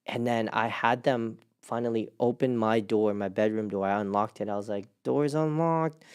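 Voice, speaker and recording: A young man hosting a casual chat, telling a personal story in a rambling way, with lots of "like" and sudden jumps up in pitch as he relives his panic. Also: moderate pace, smooth. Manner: rambling with many restarts and "like". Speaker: host.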